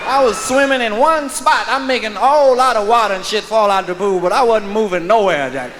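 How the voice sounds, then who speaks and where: A male stand-up comedian telling profane, animated stories on stage and acting out voices. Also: high voice, brisk, long reverb tail. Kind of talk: live stand-up storytelling. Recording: live concert album with crowd and hiss.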